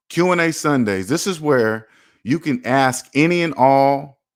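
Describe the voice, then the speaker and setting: Preachy man. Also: medium pitch. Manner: preachy, repetitive, emphatic, addresses viewers as "you guys". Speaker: personal finance channel host. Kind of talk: motivational livestream talk.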